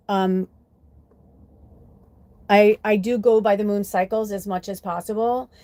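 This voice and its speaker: A woman hosting a spiritual live stream, chatting casually and animatedly with lots of fillers and curse words, sometimes mimicking other people's voices. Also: medium pitch. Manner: animated and profane, many fillers, quotes voices in mock tones. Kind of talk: casual live stream chat with tarot reading.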